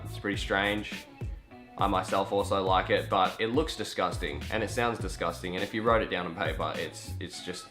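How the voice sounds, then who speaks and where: A man's voice: fairly low pitch, pushed and bright. A young Australian man with an Australian accent telling casual stories in a vlog, chatty and swearing now and then. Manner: chatty, swears casually, acts out quoted voices. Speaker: vlogger.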